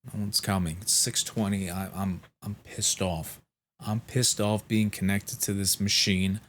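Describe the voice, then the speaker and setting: Male vlogger, unhurried delivery, blunt and foul-mouthed, recounting a bad experience straight to camera. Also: fairly low pitch, little pitch movement, fairly bright tone, slight background noise. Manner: frank, heavily profane, exasperated retelling. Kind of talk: casual storytelling monologue.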